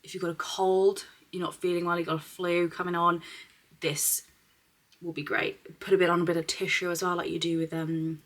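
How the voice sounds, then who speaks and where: Chatty woman with a lowish voice. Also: level tone, normal speed. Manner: chatty, swears casually, drops into soft half-whispered asides. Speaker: beauty vlogger. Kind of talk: casual unboxing chat. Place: at home, indoors.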